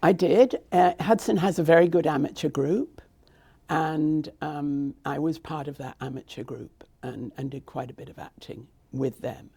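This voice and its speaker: Speaking as an interviewee, this older British theatre founder rambles conversationally through her story, restarting often and adding asides. Her voice is low, gravelly and mellow with a breathy edge, at a moderate pace.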